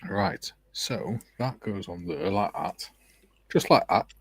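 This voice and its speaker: A middle-aged man hosts a relaxed hobby livestream, reading out comments with jokey asides. His voice is low and husky. The sound is close and dry. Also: slow pace, no echo. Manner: reads out viewer comments, jokey banter. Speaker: livestream host and scale modeller. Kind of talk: casual livestream chat.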